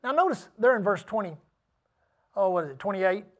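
High-voiced preacher man, emphatic sermon. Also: expressive, fairly quick. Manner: emphatic, swinging between shouted peaks and hushed asides; calls for audience responses.

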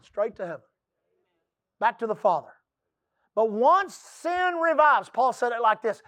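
A man from the Texas coast preaching a folksy sermon in church, calling out for amens and dropping into a soft low voice for quotes. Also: big pitch swings, a little slow, pauses often, no echo.

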